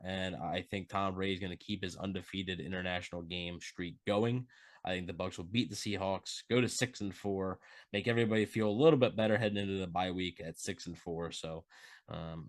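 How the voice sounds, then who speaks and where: Low-voiced man, halting podcast chat. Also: no room sound. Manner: halting, many fillers and restarts. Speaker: podcast co-host. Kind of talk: casual sports podcast chat.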